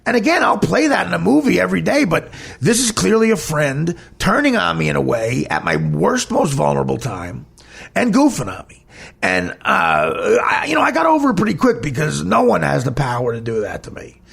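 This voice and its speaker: A man's voice: a little high, big pitch swings, a little fast, creaky, fairly bright tone, slightly rough. A man, a comedian hosting a podcast, telling a candid personal story in a blunt, emphatic, heated way.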